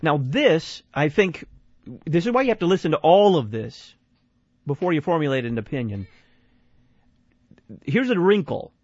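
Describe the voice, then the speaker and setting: A man hosts a call-in radio show, commenting with an animated, questioning delivery. His voice sits a little high and swings widely in pitch. The sound is dry and slightly dull. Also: dry recording. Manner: animated, questioning, repeats phone number. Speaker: radio talk show host.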